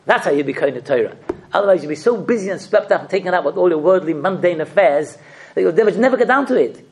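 A man giving a religious sermon, asking rhetorical questions and telling stories with expressive delivery. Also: fairly high pitch, a little hiss or hum. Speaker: rabbi giving a talk.

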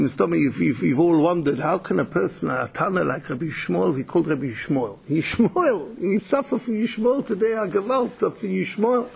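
A man's voice: high-pitched, vocal fry, breathy edge. A man giving a Torah lecture, mixing Yiddish and Hebrew terms, often repeating words and restarting. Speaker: Torah teacher.

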